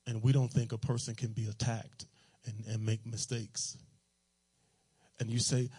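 Guy preaching a laid-back joking sermon, husky voice, kinda dark and mellow. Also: mid-range voice, fairly even intonation, normal speed. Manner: conversational, joking, colloquial preaching.

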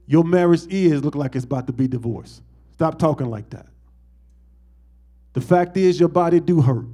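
A man's voice: a little high, mellow. A man, a pastor, preaching a sermon to his congregation and asking them call-and-response questions.

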